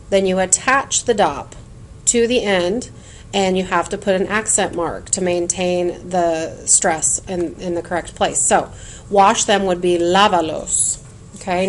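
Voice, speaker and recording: In this recorded Spanish lesson, the medium-pitched female teacher gives clear, patient explanations and recites vocabulary lists in a sing-song chant. A little hiss or hum runs under the audio.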